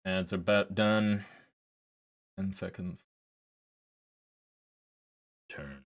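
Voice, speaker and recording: A man's voice: low voice, extremely slow. A man streaming a visual novel, chatting casually in a rambling way and reading the game's text aloud. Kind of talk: casual livestream commentary while playing a visual novel.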